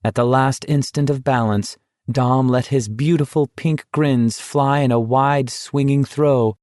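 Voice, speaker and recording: A man reading an audiobook as its narrator in a steady, even manner. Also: mid-range voice, a little slow, no echo, clean studio sound. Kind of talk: scripted narration.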